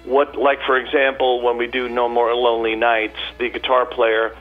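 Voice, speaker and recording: A man's voice: mid-range voice, little pitch movement, moderate pace, narrow, tinny audio, soft background music. A man guest on a radio interview, a chatty storyteller with many fillers and restarts. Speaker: tribute performer guest.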